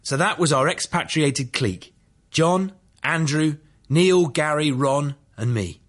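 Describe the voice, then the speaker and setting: A man's voice: fairly high pitch, slow pace, a bit bright. A man narrating his memoir as an audiobook, telling it in a matter-of-fact, dry way.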